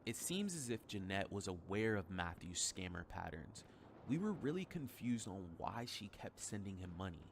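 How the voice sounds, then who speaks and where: Low-voiced man narrating a documentary. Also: very animated, normal speed, creaky, slight background noise.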